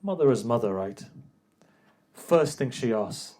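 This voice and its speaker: A man giving a religious sermon, moving from soft storytelling to a loud, grieving, high-pitched recitation. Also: lively intonation, a little slow. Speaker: preacher. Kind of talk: Muharram sermon, rising to impassioned chanting.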